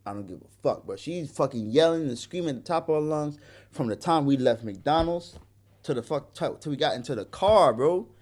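A man's voice: a little high, brisk. A man co-hosting a podcast, telling a story in casual, profane chat and acting out the other people's lines. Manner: profane, animated, acts out quoted voices. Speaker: podcast co-host.

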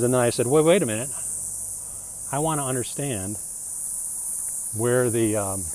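A man's voice: mid-range voice, mellow, a little hiss or hum. A man in a casual, rambling monologue who keeps slipping into mocking put-on voices when he quotes other people. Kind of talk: casual monologue on reading the Bible.

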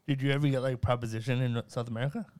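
A man's voice: medium pitch, steady tone, very fast, a little mellow, smooth, no echo. Curious podcast man in a dry room. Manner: brief agreeing interjections, curious questions. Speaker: podcast co-host or guest. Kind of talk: casual chat.

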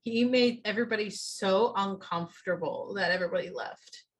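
A woman telling a story in casual chat, relaxed and matter-of-fact. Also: medium pitch, moderate pace, slight background noise.

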